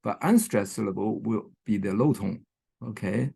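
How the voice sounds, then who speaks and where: Gravelly man lecturing online, checking "right?". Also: lowish voice, lively intonation, normal speed, mellow. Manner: frequent fillers and "right?" checks. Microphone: computer mic on a video call.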